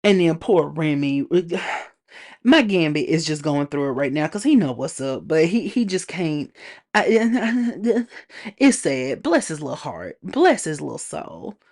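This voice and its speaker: A woman with a slightly low voice talks through a TV episode on her own show. She is animated and sassy, tossing in playful slang as she reacts. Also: slow. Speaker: TV show reviewer. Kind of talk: casual solo review chat.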